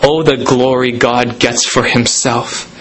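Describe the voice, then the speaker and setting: A man preaching a sermon, dramatic, slowing down for emphasis. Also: medium pitch, steady tone, rough recording. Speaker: pastor.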